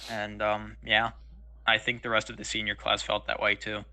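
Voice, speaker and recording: Teen guy co-host, bright voice, chill and agreeable. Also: lowish voice, monotone, moderate pace, creaky. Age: teens. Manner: easygoing, agreeable, short replies. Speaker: podcast co-host. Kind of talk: casual chat.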